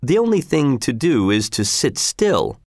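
A man's voice: mid-range voice, very animated, unhurried, a little mellow, no room sound, clean studio sound. A man reading aloud, voicing a stoic hero who speaks in short, proverb-like sayings. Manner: terse, proverb-like pronouncements. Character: laconic, brave male hero, calm and stoic.

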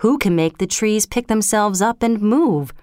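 A woman's voice: medium pitch, expressive, a little slow, darkish tone, no echo, studio quality, natural voice. A woman voicing a proud, bold king in a commanding storybook reading. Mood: musing.

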